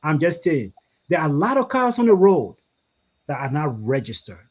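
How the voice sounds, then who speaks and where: A guest with a notably high voice for a man. He talks in anecdotes and restates his phrases as he goes. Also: big pitch swings, normal speed, darkish tone. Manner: storytelling, repeats phrases. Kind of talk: casual discussion.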